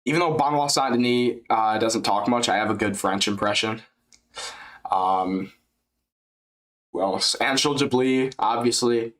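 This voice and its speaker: A man's voice: mid-range voice, a little slow, pauses often, a bit bright. A young man chatting live as a streamer during a fight event, joking, crude and rambling. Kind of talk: live fight-companion chat.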